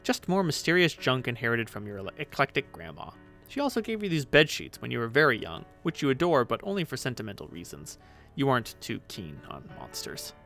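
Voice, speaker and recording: A man reading a webcomic aloud with playful, animated delivery. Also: medium pitch, brisk, gravelly, soft background music. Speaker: webcomic reader.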